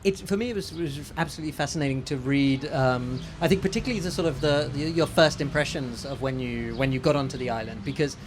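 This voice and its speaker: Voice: medium pitch, quick pace, hardly any pauses, noisy background. A host interviewing an author at a bookshop event, asking thoughtful, hesitant questions with many restarts.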